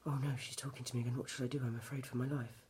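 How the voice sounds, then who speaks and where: A man mimicking his frightened, drunk mother on the phone, speaking in a fearful, quick, hushed way. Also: mid-range voice, flat delivery, a little hiss or hum, voice pushed up, lightly acted.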